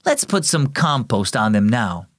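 A man reading the lines of a gentle, caring aunt in a children's storybook, reassuring and warm-hearted. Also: medium pitch, sing-song, a little slow, no room sound, studio quality.

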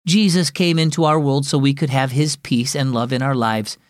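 A man voicing a weary but gentle mother in a children's story. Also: medium pitch, steady tone, normal speed, no room sound, clean studio sound, close to an everyday voice.

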